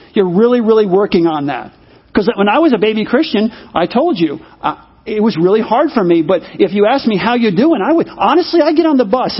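A man preaches in a high, slightly husky voice, telling stories with animation and slipping into the voices of the people he quotes. The recording sounds dull and muffled. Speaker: pastor. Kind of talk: sermon with personal stories.

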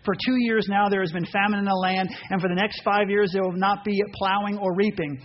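A man preaching a sermon, animated, acting out voices and reading scripture aloud. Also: sits high, fairly quick. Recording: dull muffled sound with faint noise.

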